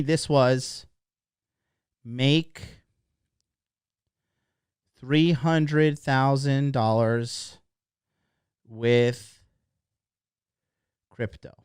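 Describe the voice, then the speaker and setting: A man's voice: mid-range voice, darkish tone, clean tone, no echo, studio quality. A man in his thirties, a dating coach telling a rambling story in a blunt, profane motivational monologue.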